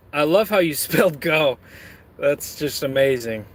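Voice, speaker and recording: A man's voice: mid-range voice, normal speed. A man chatting casually on camera while eating and reading out chat, full of crude, rambling, self-mocking jokes. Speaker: streamer reading chat messages.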